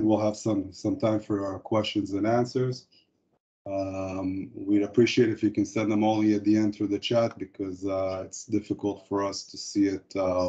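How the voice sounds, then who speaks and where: A man presents a corporate product webinar over a computer microphone, his voice low-set and mellow. He talks haltingly and stops often to find his words. The audio is dull and lo-fi, the way a web call sounds. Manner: halting, frequent hesitations.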